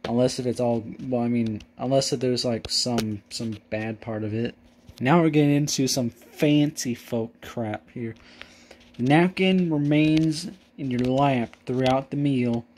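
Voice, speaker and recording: Young guy reading fancy table rules and cussing at them, mid pitched, rambly and sarcastic. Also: measured pace, darkish tone, slight background noise. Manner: mocking, profane, rambling. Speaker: video host.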